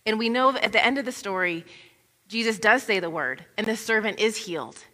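Woman pastor, bright, forward voice, chatty sermon delivery, big reverberant hall. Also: medium pitch, lively intonation, brisk. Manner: chatty, informal asides with "like" and "you know". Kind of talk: conversational sermon. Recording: long reverb of a large hall.

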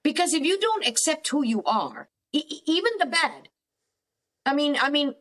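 A woman's voice: high-pitched, big pitch swings, moderate pace, a bit bright. A middle-aged woman therapist giving emphatic, preachy faith-based counselling advice as a podcast guest.

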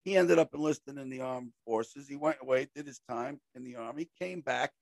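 A man telling a story in casual talk with a friend, animated and acting out shouted quotes. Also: medium pitch, fairly quick, vocal fry, no room sound.

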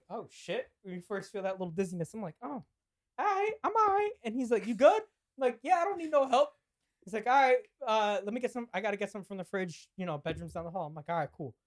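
Young man telling an animated party story. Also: high-pitched. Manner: animated, acts out quoted lines, laughs mid-story, swears casually. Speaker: podcast co-host. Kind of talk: casual storytelling chat.

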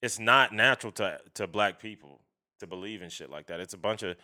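A man's voice: on the low side, brisk. A man in casual conversation, talking bluntly and with plenty of profanity. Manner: blunt, profane, animated storytelling. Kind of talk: casual chat.

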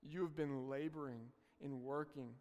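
A man's voice: medium pitch, fairly even intonation, moderate pace, a little mellow, in a large hall, dull audio. A man preaching a sermon to a congregation, earnest and direct in his address. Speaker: pastor.

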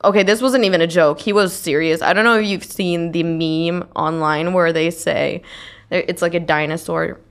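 A woman hosting a podcast in casual chat, telling stories in an animated, gossipy way. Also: lowish voice, normal speed. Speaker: podcast host.

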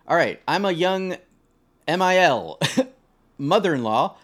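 A man's voice: a little high, measured pace. A young man co-hosting a casual podcast, reading online posts aloud and reacting with swearing and jokes. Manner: animated, swears freely, laughs and jokes about the posts. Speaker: podcast co-host.

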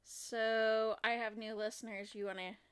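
A young woman from Oregon co-hosting a casual true-crime podcast, talking in a halting way with many fillers and restarts. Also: a little high, level tone, a bit bright, clean tone. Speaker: podcast co-host.

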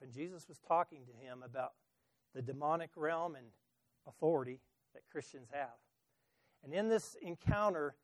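A man's voice: a little high, darkish tone, no room sound. A middle-aged male preacher giving a sermon, telling stories emphatically with some stumbling restarts.

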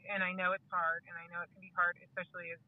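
A mother of five as a podcast guest, quick and animated, acting out her children's voices as she tells stories. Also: on the low side, phone-quality sound. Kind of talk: casual conversational interview.

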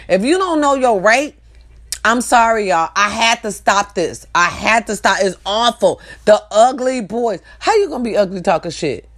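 A woman's voice: medium pitch, a bit bright. A woman delivering a profane, scolding comedic rant straight to her audience.

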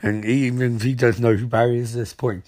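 A man's voice: mid-range voice, flat delivery, brisk, darkish tone, no room sound. A man giving a comic, rambling recap of a TV episode, stammering, swearing and sarcastic. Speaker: show recapper.

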